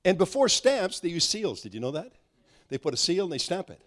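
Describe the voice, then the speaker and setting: Animated middle-aged male preacher. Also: sits high, brisk. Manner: animated, acts out dialogue, restarts often. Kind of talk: sermon storytelling.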